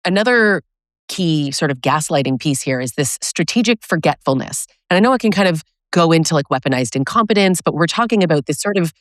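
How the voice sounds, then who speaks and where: A woman's voice: low voice, expressive, brisk, dry recording, studio quality. A woman podcast host speaking emphatically from personal experience in a casual interview.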